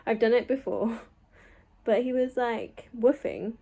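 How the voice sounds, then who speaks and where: A woman's voice: a little high, fairly even intonation, a little slow, mellow. A young woman chatting casually in a rambling vlog, with lots of "like" and "um". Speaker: vlogger.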